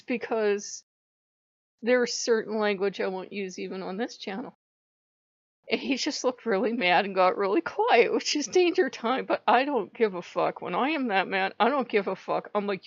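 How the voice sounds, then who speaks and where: A woman's voice: medium pitch, normal speed, dry recording, lo-fi sound. A woman vlogger telling a casual ranting story, swearing freely and often laughing. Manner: profane, laughing, animated.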